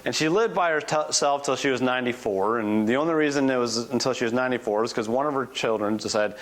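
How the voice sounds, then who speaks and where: A man in his forties, a guest preacher telling a personal story in a conversational, animated sermon. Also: mid-range voice, brisk. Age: 40s.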